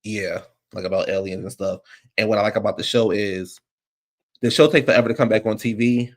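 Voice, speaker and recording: A man with a fairly low voice hosts a casual livestream chat into his streaming mic. He rambles loosely, circling back with plenty of "like" and restarts. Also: fairly even intonation, fairly quick. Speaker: livestream host. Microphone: streaming microphone.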